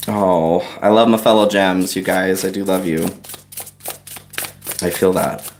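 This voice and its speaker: A man giving a live-streamed tarot reading, chatty and soft-spoken, talking straight to his viewers and getting choked up at times. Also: low voice, fairly even intonation, unhurried, a little hiss or hum. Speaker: tarot reader. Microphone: on-camera livestream mic.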